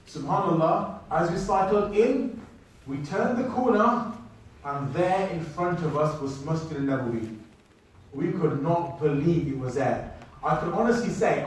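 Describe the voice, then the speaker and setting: Animated male storyteller in an echoey hall. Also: on the high side, a little hiss or hum. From United Kingdom. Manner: animated, addresses the audience directly. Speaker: speaker telling a travel story to an audience. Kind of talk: storytelling talk. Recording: echoey hall, mic at a distance.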